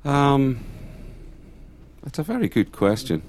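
A man's voice: medium pitch, big pitch swings, slow, darkish tone. A Scottish man in his fifties, a guest chatting casually, thoughtful and hesitant with many restarts. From Scotland. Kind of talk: casual conversation.

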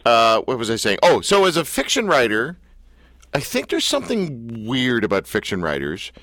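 A man's voice: mid-range voice, wildly swooping pitch, normal speed, a bit bright, no echo. A man hosting an interview, joking and self-deprecating with rambling questions. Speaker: interview host. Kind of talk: casual interview chat.

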